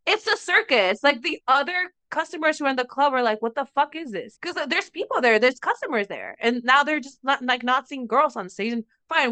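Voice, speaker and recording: A young adult woman co-hosting a podcast, telling a story in casual chat, animated and profane, acting out what others said. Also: on the high side, smooth, no room sound. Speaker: podcast co-host.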